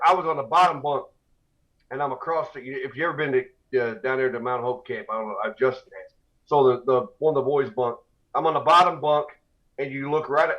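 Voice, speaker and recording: A man's voice: medium pitch, dull audio. A man co-hosting a podcast, telling a camp story in casual chat and acting out the voices. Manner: animated storyteller, acts out voices, laughs often. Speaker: podcast co-host.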